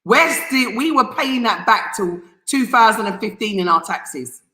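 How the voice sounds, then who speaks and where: A woman's voice: fairly high pitch, expressive, unhurried, bright, forceful tone, roomy sound, low-quality recording. A woman from England, hosting an opinion commentary, reading news aloud in a passionate, sarcastic and emphatic way, hammering key words again and again. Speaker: host.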